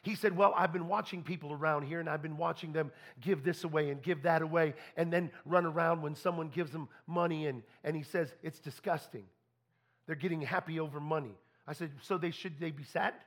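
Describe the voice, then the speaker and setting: Slightly high-pitched and a little fast, this male preacher tells stories in his sermon with fairly even intonation. He's folksy, often restarting and repeating himself, and voices people's lines as dialogue.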